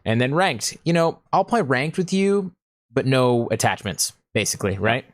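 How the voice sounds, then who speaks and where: A man's voice: mid-range voice, very animated, normal speed, dry recording, clean studio sound. A man hosting a podcast, asking questions and laying out game rules casually. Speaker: podcast host.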